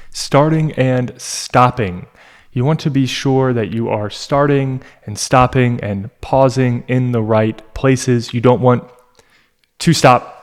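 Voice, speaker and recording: A man teaching an English test lesson, explaining scoring criteria in a deliberate, teacherly way with pauses. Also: medium pitch.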